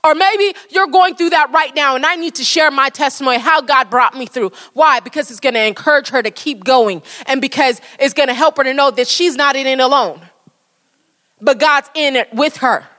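A woman's voice: sits high, normal speed, pushed and bright, big-room sound. A woman preaching a sermon with fervent, repetitive exhortation.

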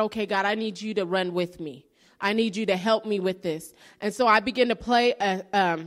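A woman's voice: fairly high pitch, fairly bright tone. A woman giving an earnest sermon-style testimony, telling her story and rising into preaching emphasis.

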